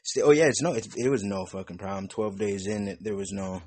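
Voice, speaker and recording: A man's voice: fairly low pitch, fairly quick, a little mellow, dry recording. A young man hosting a podcast, chatting in a loose, rambling way with plenty of cursing. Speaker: podcast host. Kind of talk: casual chat.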